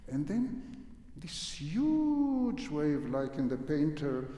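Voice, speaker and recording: A man with a fairly high, warm, sing-song voice speaks slowly while leading a piano master class in a concert hall. He coaches a young pianist through vivid imagery, singing and humming phrases to show how the music should go.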